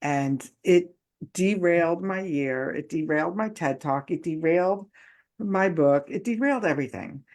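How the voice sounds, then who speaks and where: A woman's voice: lowish voice, moderate pace, a little mellow. Chatty woman hosting a live chat. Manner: chatty, laughs often, many fillers. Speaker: host. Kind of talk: casual live-stream chat.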